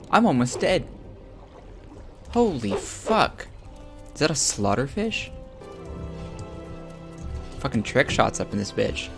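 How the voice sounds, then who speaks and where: Crude, excitable man gaming. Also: medium pitch, vocal fry. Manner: crude, joking, with excited outbursts. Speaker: gamer streaming his own play. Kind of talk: profane let's-play commentary.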